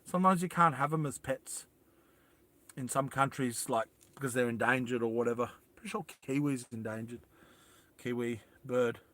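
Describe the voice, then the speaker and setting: Bright-voiced man rambling on a live stream. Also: medium pitch, moderate pace. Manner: rambling, chatty and self-deprecating, with frequent fillers. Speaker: livestream host. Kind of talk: casual live chat reading viewer comments.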